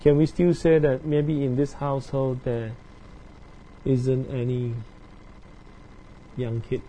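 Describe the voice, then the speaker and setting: A man teaching a Bible study, reading verses aloud and explaining them in a halting way, with many fillers and tag questions. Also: mid-range voice, little pitch movement, mellow, a little hiss or hum. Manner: reads scripture aloud then explains.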